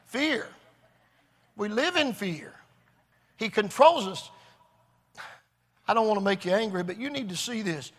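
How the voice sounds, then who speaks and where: A man preaching a revival sermon, earnest and repetitive, building to shouts. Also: high voice, animated, measured pace, pauses often. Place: large church hall. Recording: long hall reverb.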